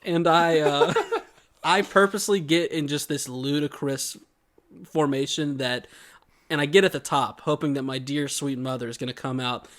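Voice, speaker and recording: A man co-hosting a casual podcast, telling a family story in a lively way and laughing as he goes. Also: on the high side, moderate pace. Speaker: podcast co-host. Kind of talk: casual chat.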